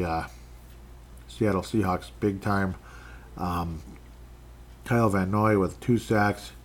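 A man hosting a casual sports recap podcast, rambling and joking with asides as he runs through the scores. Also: lowish voice. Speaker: podcast host.

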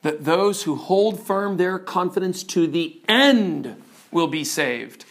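A man's voice: high-pitched, animated, slow pace. A man preaching a teaching sermon who speaks emphatically and keeps putting questions to his listeners.

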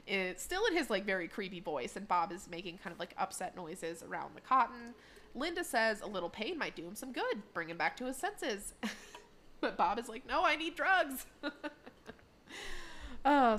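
A woman co-hosting a podcast, retelling a cartoon episode in casual chat and acting out the lines. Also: medium pitch. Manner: animated retelling, acting out quotes. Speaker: podcast co-host recapping an episode.

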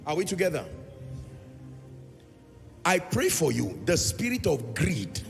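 A man's voice: a little high, sing-song, a little slow, creaky, soft background music. A man preaching a sermon in a large church hall, pressing his point with repeated phrases and sometimes half-singing his lines. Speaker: pastor.

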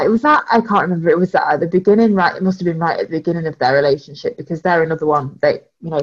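A woman, a guest on a podcast, chatting casually and often searching for words. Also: low-pitched. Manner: rambling, searches for words, laughs. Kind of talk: casual chat. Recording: dull lo-fi sound.

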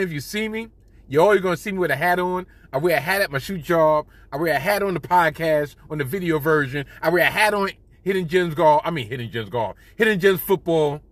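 A middle-aged man hosting a podcast, telling stories in an animated, profane, self-mocking way. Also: on the high side, no room sound. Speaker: podcast host. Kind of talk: casual storytelling monologue. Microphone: studio podcast mic.

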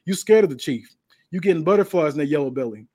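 A man's voice: on the high side, expressive, fast, mellow, husky. A man voicing a menacing, boastful male wrestling champion who threatens his rival. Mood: threatening.

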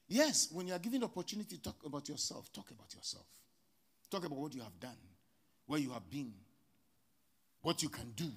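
A man preaching a sermon as pastor, with sudden loud rises and soft drops. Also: sits high, lively intonation, fairly quick, pauses often.

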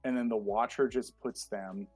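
A man co-hosting a casual podcast chat, an excitable fanboy who leans on fillers. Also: mid-range voice, moderate pace, husky, no room sound, faint music behind. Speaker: podcast co-host. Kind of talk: casual chat reviewing a show.

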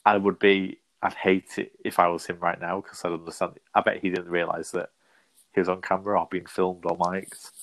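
A man co-hosting a casual podcast chat, relaxed and agreeable. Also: low-pitched, fairly quick, low-quality recording. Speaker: podcast co-host. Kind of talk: casual chat recapping a reality show.

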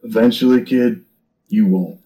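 A man playing his character in a tabletop game, talking in a steady, firm, reasoning way. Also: on the low side, a little slow, low-quality recording. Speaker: player.

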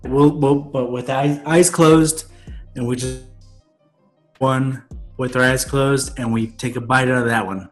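Excitable man stammering on a video call. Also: mid-range voice, unhurried, soft background music. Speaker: guest. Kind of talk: casual chat on a video call.

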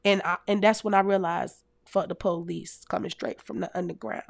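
A woman in her thirties telling comic stories to her audience in a casual, animated, heavily profane way, laughing often as a podcast host. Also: on the low side, normal speed, gravelly, no echo, clean studio sound. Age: 30s. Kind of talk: casual comedic storytelling.

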